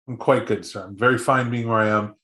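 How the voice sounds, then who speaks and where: A man's voice: lowish voice, steady tone, brisk, sharp tone, reverberant. A man doing a stammering, nervous messenger. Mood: polite. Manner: stammering, formal, keeps saying sir. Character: nervous, overly polite male messenger.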